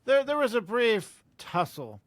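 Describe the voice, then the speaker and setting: A man co-hosting a casual podcast, recapping a book chapter in a brisk, matter-of-fact way. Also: extremely high pitch, big pitch swings, crowd noise. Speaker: podcast co-host. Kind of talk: casual chat and reading aloud.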